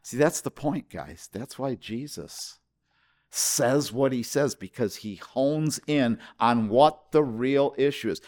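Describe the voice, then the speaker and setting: A man's voice: mid-range voice, expressive, takes it slowly, a little mellow. An older man preaching a sermon as pastor at a church service, impassioned, repeating his questions with rising emphasis.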